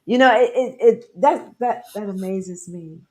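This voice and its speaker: A woman co-hosts a relaxed live talk show at a mid-range pitch. She affirms and encourages, and her phrasing takes on a preacher-like cadence. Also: a little slow. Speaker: co-host. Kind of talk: casual chat on a live show.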